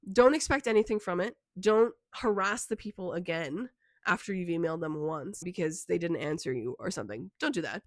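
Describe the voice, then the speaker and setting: A woman's voice: fairly low pitch, dry recording. A young woman with a sick voice, chatting casually in an advice vlog as an indie author, full of filler words and encouragement. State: sick, with a congested voice. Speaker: indie author and book vlogger.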